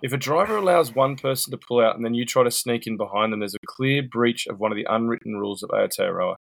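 A man's voice: mid-range voice, fast, gravelly, no room sound. Blunt sweary New man. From New Zealand. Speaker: podcast co-host. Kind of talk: casual banter. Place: home, over a video call.

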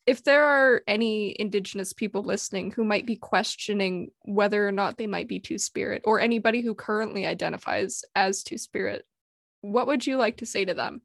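A woman hosting a podcast interview, asking measured, calm questions. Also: mid-range voice, gravelly, dry recording, studio quality. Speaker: podcast host.

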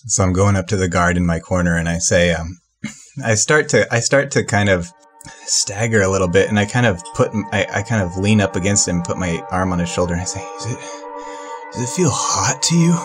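A man playing in a tabletop game, describing his character's antics in an animated, giggly way. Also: low-pitched, a little fast, soft background music. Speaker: player. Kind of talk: tabletop role-play.

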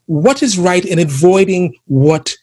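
A man on a ministry podcast tells stories with big swings in his voice, acting out what people said. His voice sits high for a man and has a husky edge. The talk is loose and conversational. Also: measured pace. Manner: animated storyteller, acts out quotes. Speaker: podcast co-host. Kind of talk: casual chat about ministry.

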